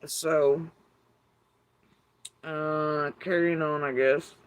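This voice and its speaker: A middle-aged man chats very slowly to his YouTube followers in a smooth, slightly high voice with fairly even intonation. The recording is rough, and his talk drifts along wryly, with free swearing and lots of fillers.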